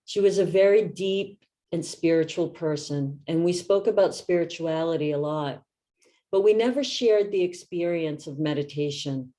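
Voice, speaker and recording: A woman in her fifties, a meditation teacher, giving a reflective talk in a gentle, soft-spoken way. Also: sits low, moderate pace.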